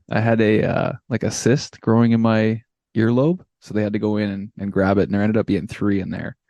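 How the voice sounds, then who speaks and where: A man's voice: fairly low pitch, level tone, normal speed, mellow, dry recording, muffled recording. A man co-hosting a podcast, easygoing and laughing along in casual chat. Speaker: podcast co-host.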